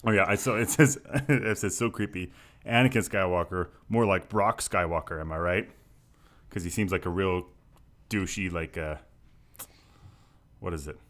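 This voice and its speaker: A man in casual chat about a film, blunt and joking, swearing freely through animated rants. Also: sits low, moderate pace, long pauses. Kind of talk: casual movie discussion chat.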